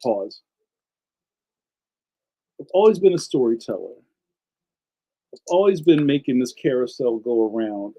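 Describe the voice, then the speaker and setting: A man's voice: medium pitch, dark tone, poor audio. A man hosting a casual livestream, chatting enthusiastically and speaking straight to his viewers. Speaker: livestream host and cartoonist.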